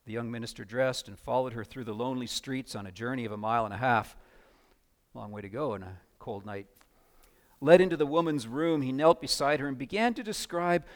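A man preaching a sermon as pastor, earnest, building to loud emphatic passages. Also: medium pitch.

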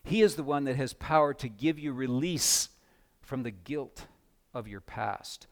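Male pastor, earnest sermon delivery, swells to emphatic passages. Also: medium pitch.

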